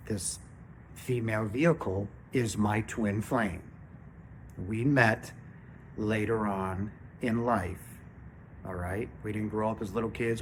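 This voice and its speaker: An earnest man in his fifties talks through a casual spiritual monologue in a fairly low voice. He often pauses to check in with his listeners, and a faint background noise sits under the recording. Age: 50s. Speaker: spiritual channel host.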